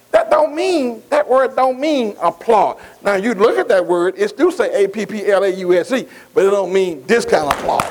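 High-voiced preacher man in a reverberant hall. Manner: call-and-response questioning, repeating words; informal vernacular grammar. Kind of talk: sermon.

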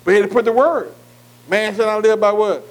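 A man's voice: high-pitched, a little fast, low-quality recording. A man teaching a Bible class in sermon style, earnest and plain-spoken, asking his listeners to fill in words and checking with them again and again. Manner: call-and-response fill-in questions; repeated "am I right?" checks with listeners.

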